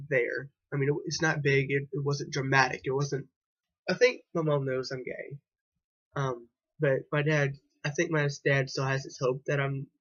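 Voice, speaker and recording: A young man tells a personal story straight to camera, rambling and hesitant, with frequent restarts and repeats. His voice sits a little high for a man. The sound is dull and lo-fi, like a cheap webcam mic. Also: fairly bright tone. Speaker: vlogger.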